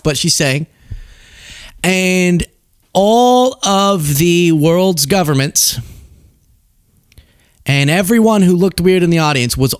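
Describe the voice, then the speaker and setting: A man's voice: high-pitched, no echo, clean studio sound. A man hosting a commentary podcast, ranting in an emphatic way and laughing often. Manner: animated, emphatic, laughs a lot. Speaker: podcast host.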